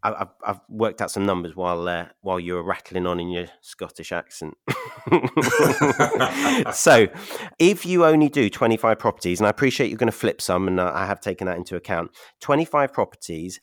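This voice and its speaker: A man's voice: low-pitched, fast talker, few pauses, no echo, studio quality. A man hosting a podcast interview, upbeat, laughing often and walking through figures step by step. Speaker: podcast host and property investment mentor.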